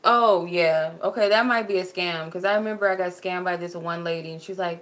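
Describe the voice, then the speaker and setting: A woman's voice: on the low side, brisk, a bit bright. A woman from Arizona chatting casually on a livestream as a spiritual reader, answering viewers with frequent "like" fillers. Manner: chatty, many "like" fillers, laughs easily.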